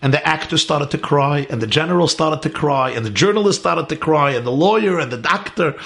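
A man's voice: on the high side, a little fast, creaky, a bit bright. A man, a rabbi, telling a story in a sermon with emphatic repeated lists.

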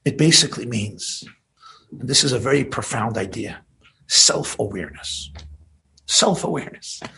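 Gravelly man preaching with rising emphasis. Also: medium pitch, normal speed. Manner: rises to emphatic peaks, then drops to soft asides. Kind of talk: sermon.

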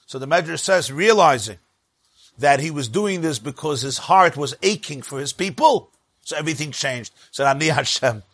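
A man's voice: fairly high pitch, animated, moderate pace, a bit bright, no echo. A man with teaching a Torah lesson, rising and dropping sharply for emphasis. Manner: emphatic, rises and drops sharply for stress.

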